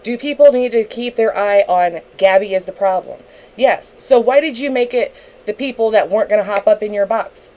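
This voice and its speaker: A woman's voice: mid-range voice, moderate pace, a little mellow, lo-fi sound. A young woman on a livestream, angrily ranting at another streamer, swearing heavily and talking confrontationally. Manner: angry, profane, confrontational. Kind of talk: angry livestream rant.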